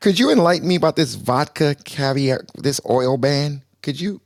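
A man's voice: a little high, animated, normal speed, gravelly, no echo. A man hosting a live panel who talks in a playful, teasing, slangy way. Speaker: host. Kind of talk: casual panel discussion.

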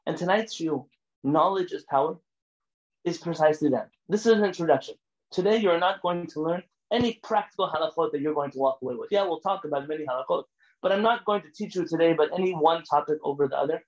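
A man, a rabbi, giving a lecture full of stories, animated and emphatic, sometimes rising almost to a shout. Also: on the high side, fast talker, muffled recording. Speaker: rabbi teaching a class. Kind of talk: lecture with storytelling.

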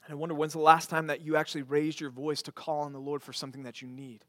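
A man preaching a sermon as pastor, earnest, repeating phrases and swinging from quiet to emphatic. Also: on the high side, little pitch movement, quick pace, no echo.

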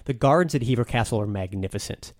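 A man's voice: fairly low pitch, animated, quick pace, dry recording. Enthusiastic man in a dry podcast chat. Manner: enthusiastic, storytelling, some restarts. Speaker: podcast guest, castle enthusiast. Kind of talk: casual podcast conversation.

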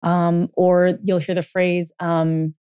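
A woman's voice: fairly low pitch, flat delivery, slow, warm tone, smooth, dry recording, clean studio sound. A woman coach telling a story in a casual monologue, full of fillers, then turning blunt and emphatic, with some swearing. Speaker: dating and life coach.

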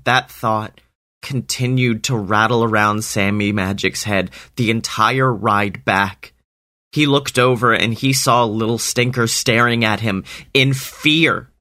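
A man telling an improvised parody story in a slow, earnest, deadpan way. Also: mid-range voice.

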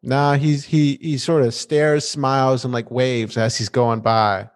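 A man's voice: mid-range voice, unhurried. A man co-hosting a podcast, recapping a TV episode in a playful, casual way. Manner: animated and playful, with restarts. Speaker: podcast co-host.

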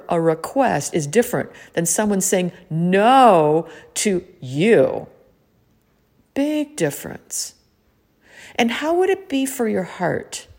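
A woman hosting a podcast, talking listeners through a gentle, probing self-inquiry with many questions. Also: mid-range voice. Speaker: podcast host. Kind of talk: reflective coaching talk.

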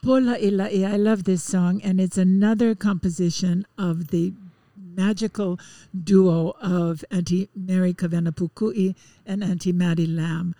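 A woman co-hosting a radio show, gently telling the stories behind songs in casual chat. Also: lowish voice, steady tone, unhurried, no room sound. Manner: gentle storytelling, explains songs. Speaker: radio co-host.

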